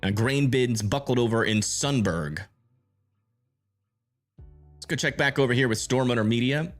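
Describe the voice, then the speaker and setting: A man's voice: medium pitch, lively intonation, normal speed, faint music behind. A man giving live storm-tracking commentary on a stream, thinking aloud and answering viewer chat as he checks radar. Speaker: livestream weather tracker.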